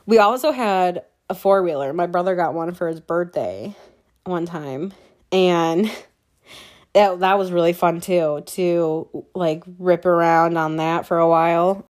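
A woman's voice: on the low side, takes it slowly, a little mellow. Chatty, self-mocking young woman. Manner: chatty and self-mocking, laughs often, swears freely, many fillers. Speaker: podcast host. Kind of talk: casual storytelling monologue.

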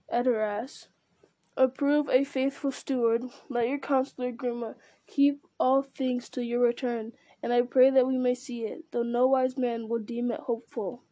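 A woman's voice: fairly high pitch, mellow, no room sound, lightly acted, rough recording. A woman reading as a whining sly counselor. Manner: wheedling, whining. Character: fawning sly old male counselor.

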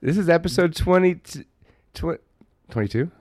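Animated, swearing podcast co-host man. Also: a little high, normal speed, no echo, clean studio sound. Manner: animated, swears often, laughs a lot. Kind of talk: casual podcast chat.

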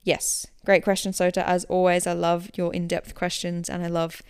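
A woman hosting a podcast, answering listener questions in a relaxed, chatty way that explains as she goes. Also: fairly low pitch, moderate pace, clean tone. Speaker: running coach and podcast host.

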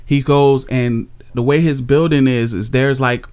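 A man's voice: mid-range voice, fairly even intonation, unhurried. A man telling a story in a casual chat, loose and profane, with lots of fillers. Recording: slightly dull recording.

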